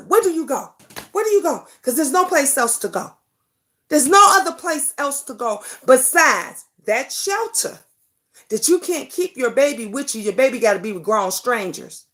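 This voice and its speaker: A woman with a high, somewhat bright voice and big pitch swings speaks at normal speed while hosting a livestream talk show. Passionate and casual, she curses freely, singles out viewers by name and keeps hammering repeated rhetorical questions.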